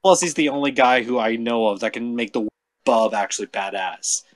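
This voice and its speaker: A man's voice: medium pitch, moderate pace, dry recording. A man chatting casually about comic heroes on a podcast, rambling with lots of fillers and swearing. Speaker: podcast host. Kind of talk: casual chat.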